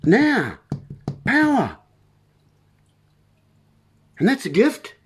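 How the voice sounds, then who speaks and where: A man's voice: extremely high pitch, wildly swooping pitch, drawn-out words, a little hiss or hum. A man delivering a rambling monologue as host, full of playful wordplay and talking straight to the listeners as folks.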